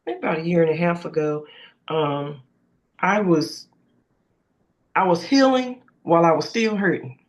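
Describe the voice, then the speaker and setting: A woman with a notably low voice hosts a podcast interview. She speaks in an affirming way, thanks her guest and keeps encouraging her to go on. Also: unhurried, pauses often. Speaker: podcast host. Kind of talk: interview host.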